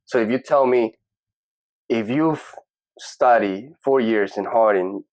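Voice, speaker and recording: A young man from Peru, a podcast guest telling a personal story in casual, animated talk, acting out the voices of people he quotes. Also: mid-range voice, slow pace, no room sound.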